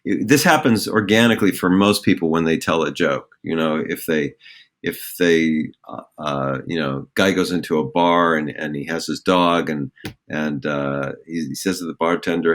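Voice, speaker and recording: A man's voice: sits low, moderate pace, a bit bright. A middle-aged man, a theater director, explaining acting ideas in a reflective, rambling way with many fillers and restarts. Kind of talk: conversational podcast explanation.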